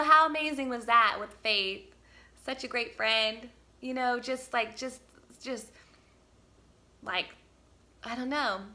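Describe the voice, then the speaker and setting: A woman's voice: mid-range voice, bright, forceful tone. A woman giving a casual spiritual vlog talk outdoors, upbeat and encouraging, rambling with many fillers and restarts. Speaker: spiritual healer and channel. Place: outdoors on a windy day.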